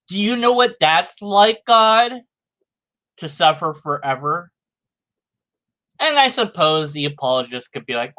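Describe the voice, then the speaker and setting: A man's voice: on the high side, big pitch swings, normal speed, bright, forceful tone. A man giving sarcastic, rambling commentary on a sermon clip, mocking the preacher's arguments. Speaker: video commentator.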